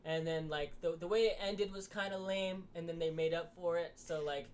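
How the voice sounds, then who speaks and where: A man's voice: fairly high pitch, steady tone, moderate pace, slight background noise. A man co-hosting a casual podcast, ranting with heavy swearing and acting out quotes. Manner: heavily profane, ranting, acts out wrestler quotes. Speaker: podcast co-host.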